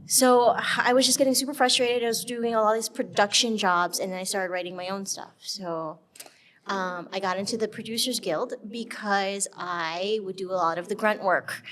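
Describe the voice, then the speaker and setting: A woman's voice: medium pitch, normal speed. A woman guest in an interview, chatting casually and animatedly, laughing often and filling her talk with "like" and "um". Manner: animated, laughing, lots of fillers like "like" and "um". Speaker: guest, actress and filmmaker.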